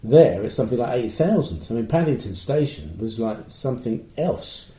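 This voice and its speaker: A man's voice: medium pitch, very animated, normal speed, mellow. An older man from London with a London accent, co-hosting a podcast and telling rambling stories with dry asides. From London, England. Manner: chatty storyteller with many restarts and dry asides. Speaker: podcast co-host. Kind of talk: casual chat. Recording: roomy echo.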